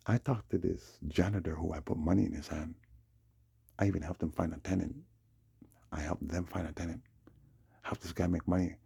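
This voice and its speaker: Man, agitated vlog rant; very low, raspy voice with fry, mellow, dry close mic. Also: fairly even intonation, brisk, pauses often, no room sound. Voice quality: husky, gravelly. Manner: agitated, repeats himself, acts out the other people's lines. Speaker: vlogger. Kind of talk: rambling monologue recounting a dispute.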